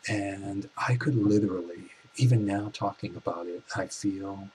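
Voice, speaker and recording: A man in his forties telling a personal story in a soft-spoken, reflective way, with halting restarts. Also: deep voice, fairly even intonation, a little hiss or hum, low-quality recording. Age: 40s. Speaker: vlogger.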